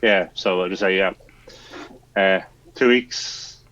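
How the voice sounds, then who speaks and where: A man's voice: low-pitched, slow, fairly bright tone, lo-fi sound. A man playing a tabletop game, thinking aloud hesitantly with many fillers. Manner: thoughtful, hesitant, lots of fillers. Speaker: player.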